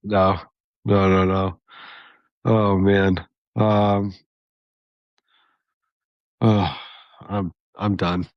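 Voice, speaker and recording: A man's voice: low-pitched, flat delivery, extremely slow, pauses often, no room sound, dull audio. A man in his forties, a podcast co-host, griping about himself in casual self-deprecating chat. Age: 40s.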